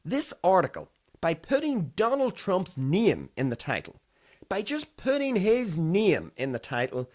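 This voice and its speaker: Lively chatty Irish man. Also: sits high, measured pace. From Ireland. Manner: chatty and digressive, acts out other people's voices. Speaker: podcast host. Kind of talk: casual solo commentary.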